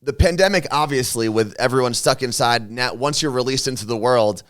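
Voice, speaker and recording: A man co-hosting a casual talk show, chatting in relaxed, rambling thoughts. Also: mid-range voice, a little fast, smooth. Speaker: radio and podcast co-host. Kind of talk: casual chat. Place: studio.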